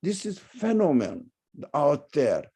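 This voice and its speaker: Gravelly, emphatic man lecturing. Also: wildly swooping pitch, a little slow. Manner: emphatic, loud high-pitched bursts. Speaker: religious lecturer. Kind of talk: online lecture with Q&A.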